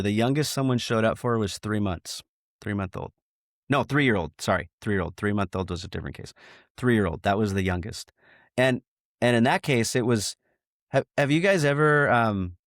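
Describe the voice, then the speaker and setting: Frank low-voiced retired trooper. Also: male voice, no room sound, studio quality. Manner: frank, many restarts, quotes dialogue. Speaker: retired state trooper, guest. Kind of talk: storytelling in a podcast interview.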